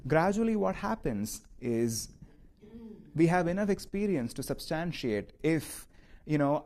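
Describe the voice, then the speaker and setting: Chuckling man giving a casual spiritual talk. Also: on the high side. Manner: relaxed and conversational, laughs often, many "you know"s. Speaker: meditation teacher. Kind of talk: spiritual talk with questions from the audience. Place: meditation and yoga center.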